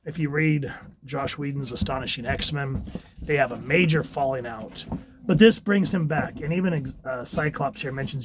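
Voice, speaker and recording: A man's voice: medium pitch, normal speed. A man casually reviewing a comic book, chatty and a bit rambling as he recaps the pages.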